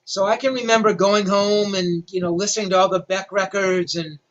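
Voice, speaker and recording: A man's voice: sits high, fairly even intonation, fairly quick, highs cut off. Older man telling a story, self-deprecating. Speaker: rock journalist. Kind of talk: storytelling interview.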